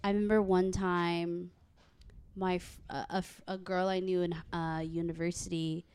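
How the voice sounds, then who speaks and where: A woman's voice: fairly low pitch, level tone, moderate pace, a little mellow, clear, resonant tone. A woman hosting a podcast in casual chat, chatty and self-mocking. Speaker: podcast host.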